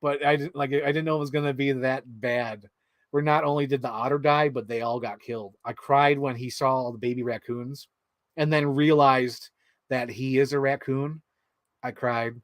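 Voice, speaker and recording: A man's voice: mid-range voice, fairly even intonation, normal speed, dry recording. A man hosting a vlog, chatting casually in an emotional, rambling way, full of fillers and frequent laughs. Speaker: vlog host. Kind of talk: casual chat.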